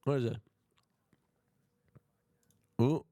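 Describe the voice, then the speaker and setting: A man's voice: very slow, no room sound, clean studio sound. A man livestreaming in casual chat, swearing a lot and swinging into mock outrage, at his home stream setup. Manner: profane, excitable, mock-outraged.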